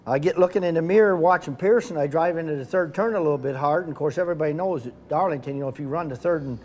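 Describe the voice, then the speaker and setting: A man's voice: fairly high pitch, racing, darkish tone, slight background noise. A man recalling a race, plain-spoken and chuckling. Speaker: retired stock car driver. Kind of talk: storytelling at a reunion panel.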